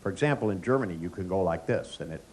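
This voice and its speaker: A man's voice: sits low, animated, very fast, very noisy. A middle-aged man, a therapist, giving a live seminar lecture, joking, telling anecdotes and quizzing the audience. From United States.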